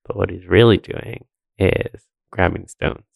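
A man's voice: deep voice, steady tone, unhurried, gravelly, no room sound. A man co-hosting a podcast, recapping a film in rambling casual chat full of fillers and laughs. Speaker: podcast co-host.

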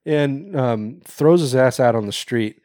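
A man's voice: medium pitch, a little slow, dark tone, dry recording, clean studio sound. A man co-hosting a podcast, recapping a horror movie in casual chat, rambling, swearing and laughing often. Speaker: podcast co-host.

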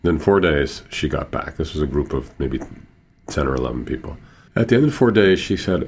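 A man working as a Sufi healer tells stories in an interview, slow and earnest, with repeated phrases. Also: extremely low pitch, animated, a little hiss or hum. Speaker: Sufi healer and teacher, guest. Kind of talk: storytelling in an interview.

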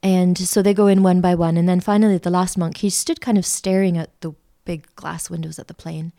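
A middle-aged woman, a podcast guest telling a lively travel story with lots of fillers. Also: lowish voice, brisk. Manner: chatty, animated anecdote-telling with many fillers. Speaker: interview guest, art school founder. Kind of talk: casual storytelling.

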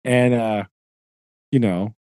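A man co-hosting a podcast, casually retelling a book chapter in an animated way, acting out the characters' lines with lots of filler words. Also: on the low side, slow, clean tone, dry recording. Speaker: podcast co-host.

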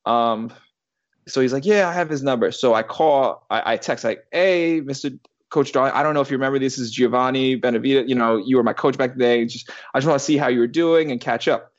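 A man in his thirties tells a long personal story in a loose, rambling way, circling back through restarts and the occasional curse. His voice sits at an ordinary middle pitch. The recording sounds slightly dull and lo-fi. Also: steady tone, fairly quick. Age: 30s. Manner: rambling, with many restarts and swearing. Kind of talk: casual storytelling.

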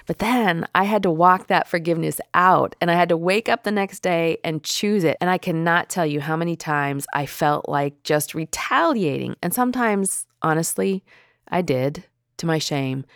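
A woman's voice: lowish voice, normal speed, no room sound, clean studio sound. A woman co-hosting a podcast, talking in a candid, confessional way. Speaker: podcast co-host. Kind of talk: casual podcast chat.

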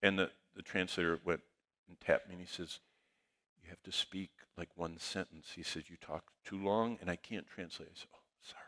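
Male pastor, lively storytelling sermon, bright voice, long hall reverb. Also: low-pitched, normal speed. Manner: animated storyteller, swings between loud bursts and hushed asides. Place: church auditorium.

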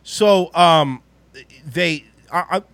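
A man telling a story in casual chat, animated and profane, with lots of restarts. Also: fairly high pitch, drawn-out words, vocal fry, no room sound.

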